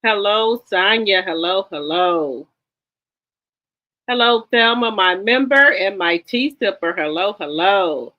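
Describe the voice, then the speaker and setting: A livestream host chatting casually with viewers, greeting them one by one with repeated hellos and often pausing with ums. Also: mid-range voice, lively intonation. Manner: chatty, with frequent ums and restarts. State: a little tired. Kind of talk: casual live-stream chat. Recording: slightly dull lo-fi sound.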